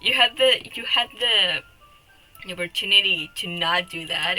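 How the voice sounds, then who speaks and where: A woman's voice: on the low side, unhurried, bright, forceful tone, faint music behind, rough recording. A young woman streaming live, chatting with her viewers, often giggling, teasing and swearing at her chat.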